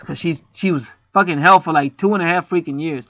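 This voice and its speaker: A man's voice: fairly high pitch, moderate pace, vocal fry, a bit bright, no room sound. A man reading an astrology chart aloud in a rambling, profane, joking monologue. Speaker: astrology reader. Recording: slightly muffled lo-fi recording.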